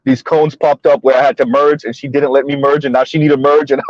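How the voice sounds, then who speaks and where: Hosting a casual commentary channel from behind the wheel, a man chats loosely inside a moving car, laughing often and capping sentences with "right?" His voice is medium in pitch and brisk, and the recording is dry with dull audio.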